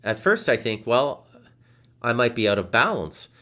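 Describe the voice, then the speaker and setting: A man hosting a podcast over a video call, telling a frustrating story in a casual, animated way, swearing and restarting his sentences. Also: mid-range voice, normal speed. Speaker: podcast host. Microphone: video call setup.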